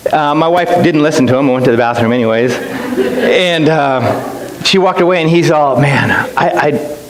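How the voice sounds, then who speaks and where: A crowd can be heard behind this middle-aged guest missionary, whose fairly high voice moves at a moderate pace as he tells a church stories. His chatty, self-deprecating style includes many restarts, recorded in an echoey hall with faint hiss.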